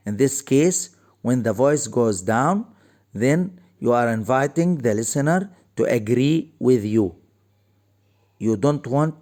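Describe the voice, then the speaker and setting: A man teaching English grammar, explaining each point slowly and repeating key phrases. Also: medium pitch, darkish tone. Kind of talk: recorded grammar lesson.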